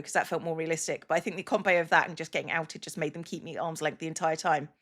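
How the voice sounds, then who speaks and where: A woman's voice: deep voice, steady tone, rapid-fire, hardly any pauses, fairly bright tone. A woman, a streamer, chatting casually and emotionally on a livestream. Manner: chatty and emotional, with many restarts and "like" fillers.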